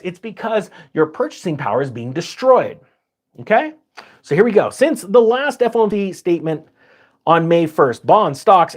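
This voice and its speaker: A man hosting a finance channel, giving casual, sarcastic commentary over charts with big jumps in pitch for emphasis.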